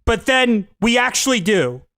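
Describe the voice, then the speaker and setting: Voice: medium pitch, big pitch swings, measured pace, fairly bright tone, no echo, studio quality. A host giving sarcastic reaction commentary, full of mocking asides.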